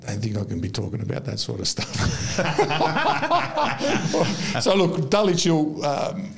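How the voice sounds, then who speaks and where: A man spins loose, rambling stories in relaxed conversation. His voice has a gravelly, creaky edge, and he keeps circling back and restarting mid-thought. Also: a little high, slow pace, crowd noise. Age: 50s. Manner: rambling anecdotes with frequent restarts and laughter. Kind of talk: casual storytelling chat.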